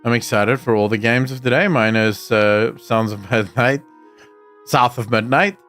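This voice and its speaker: A man's voice: mid-range voice, unhurried, a bit bright, faint music behind. A man streaming live, reading viewer comments aloud and answering them in casual chat.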